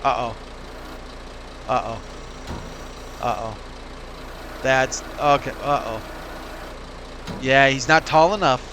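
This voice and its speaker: In a mid-range voice, a let's play host speaks slowly and pauses often as he plays a farming game. His commentary is casual, full of musing aloud and quiet laughter at himself. The game's tractor and engine sounds can be heard behind his voice.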